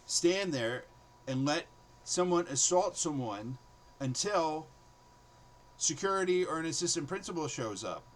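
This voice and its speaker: His voice sits a little high, and he talks a little slowly with long pauses; the audio is poor. This former teacher casually reminisces about his classroom days, performing his students' words in quotes in a lively way.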